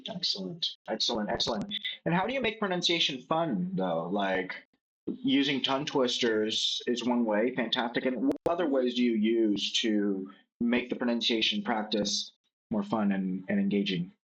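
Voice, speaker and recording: A man hosting an interview, asking questions and offering quick, encouraging affirmations. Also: medium pitch, expressive, a bit bright, dull audio. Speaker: podcast host, interviewer.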